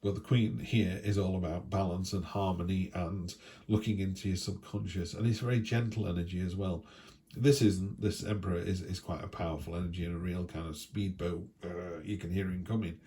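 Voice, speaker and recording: A man with a deep, mellow voice talks through a weekly tarot reading in a loose, chatty way. He wanders off into asides and keeps checking in with a quick question to the listener, recorded at home. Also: fairly even intonation. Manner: chatty, rambling, with tag questions. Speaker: tarot reader.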